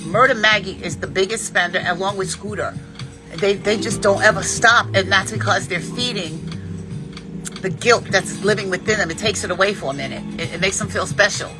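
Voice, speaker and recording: Music plays beneath a woman in her fifties as she speaks at medium pitch and a moderate pace, giving unscripted, profanity-laced life advice. She's blunt and sermonizing, with big shifts in emphasis.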